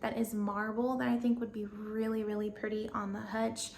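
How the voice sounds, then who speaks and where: A woman's voice: mid-range voice, level tone, moderate pace, vocal fry, a little mellow, slight background noise. A young woman with a Southern US accent, chatting casually and bubbly in a home decor vlog, laughing often.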